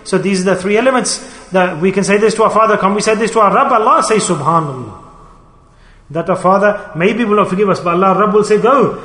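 Brief: male preacher, high voice, emphatic and repetitive, rhetorical questions, reverberant hall recording. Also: fast talker, fairly bright tone. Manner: emphatic, repeats key words, rhetorical questions. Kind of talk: sermon. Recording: echoey hall with long reverb.

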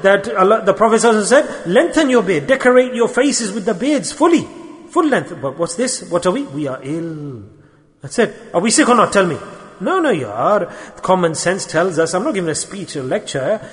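A man's voice: high-pitched, very animated, fast. A man giving a sermon at a religious gathering, putting repeated rhetorical questions to his listeners. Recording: long hall reverb.

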